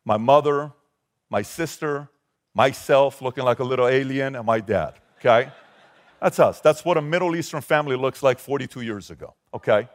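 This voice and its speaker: An emphatic man in his forties from Iran addresses a live audience as a motivational speaker. His pitch sits in the middle of the range and swings widely as he presses the crowd with rhetorical questions. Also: moderate pace. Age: 40s.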